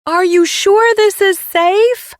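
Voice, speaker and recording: A woman voicing a frightened heroine who shouts over plane noise, strained and breathless. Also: extremely high pitch, very animated, takes it slowly, no room sound, clean studio sound, pitched above the performer's own voice, exaggerated voice. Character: anxious woman, cancer survivor, scared on a small plane.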